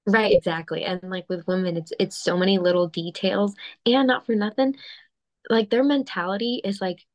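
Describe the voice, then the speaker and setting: A woman's voice: mid-range voice, steady tone, normal speed, no echo. A young woman in candid casual chat, speaking bluntly with lots of "like" and frequent laughter. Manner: blunt, laughs easily, filler-heavy speech. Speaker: podcast guest.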